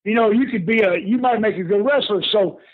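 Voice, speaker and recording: Older guy telling stories over a phone, kinda high voice, laughs a lot. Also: brisk, breathy edge. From Houston, Texas. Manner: acts out quoted people, laughs often. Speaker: guest, former pro wrestler. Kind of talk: casual storytelling. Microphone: phone call. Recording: tinny phone line.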